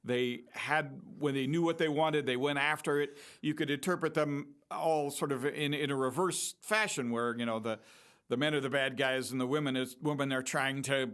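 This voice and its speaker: A man's voice: medium pitch, moderate pace, fairly bright tone, smooth. A man co-hosting a podcast, discussing films casually in a thoughtful, analytical way. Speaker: podcast co-host.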